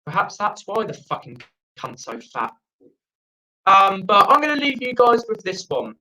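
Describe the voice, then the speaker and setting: A man's voice: high voice, huge pitch swings, unhurried, pushed and bright, poor audio. A young man from South Africa doing profane, rambling stand-up from a friend's house over a video call. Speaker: stand-up comedian. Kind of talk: online open-mic stand-up.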